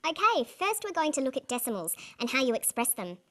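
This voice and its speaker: A woman presenting an English language lesson, with clear, measured and carefully enunciated scripted delivery. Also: sits high, very animated, bright, forceful tone.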